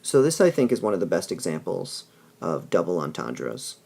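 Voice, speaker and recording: Gravelly guy teaching a lit lesson, keeps saying all right, explainy tone. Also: low voice, big pitch swings, normal speed, warm tone. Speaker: English teacher. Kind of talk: recorded lesson.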